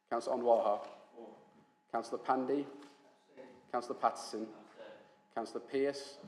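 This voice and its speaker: Council officer, male, brisk formal roll call, echoey chamber. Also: medium pitch. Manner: steady, brisk reading of names.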